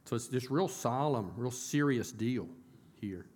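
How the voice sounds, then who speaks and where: A church pastor preaches a sermon in an ordinary middle-pitched voice that's a little mellow, at a measured pace. He's animated and conversational, asking the congregation questions and doubling back on his words as he restarts.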